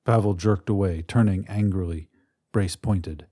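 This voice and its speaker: A man narrating a science fiction story in a measured, dramatic manner. His voice is low and mellow, recorded close and dry with no room around it. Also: no room sound. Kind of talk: scripted narration.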